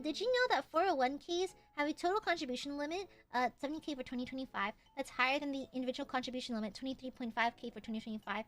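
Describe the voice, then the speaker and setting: A young woman streaming, chatting casually with her chat, swearing freely and squealing when excited. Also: high-pitched.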